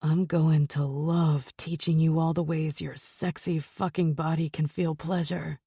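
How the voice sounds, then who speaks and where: A woman narrator voicing a commanding, possessive male mafia lover in an audiobook, speaking in a low growl and purr. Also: level tone, a little slow, warm tone, husky, no echo, clean studio sound, exaggerated voice. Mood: husky, commanding.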